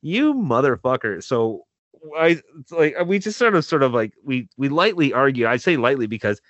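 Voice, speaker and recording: A man's voice: mid-range voice, lively intonation, normal speed, a bit bright, no room sound, highs cut off. A man co-hosting a casual chat over a video call, telling stories with a lot of swearing and laughter. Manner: profane, laughing storyteller. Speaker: podcast co-host.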